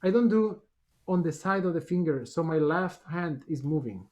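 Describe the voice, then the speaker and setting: A man's voice: on the high side, lively intonation, normal speed, a little mellow. A male clarinet teacher giving a masterclass over a video call, with short encouraging instructions between demonstrations. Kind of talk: masterclass coaching.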